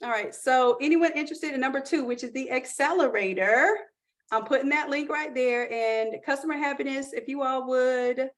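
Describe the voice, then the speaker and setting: A woman hosting a live online class, chatting and pitching course offers to her viewers in an upbeat, casual way. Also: moderate pace. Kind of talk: live-stream sales pitch.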